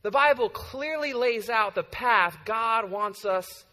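A man with a high, bright voice preaches a sermon, telling the story casually and tossing in frequent "right?" asides. He sounds like a pastor speaking plainly to his congregation. His words ring out with long reverb in a large hall. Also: takes it slowly. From San Francisco Bay Area.

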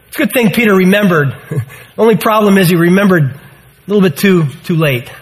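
A man's voice: high voice, brisk, poor audio. A man in his sixties preaching a sermon, earnest and emphatic, full of rhetorical questions. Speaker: pastor.

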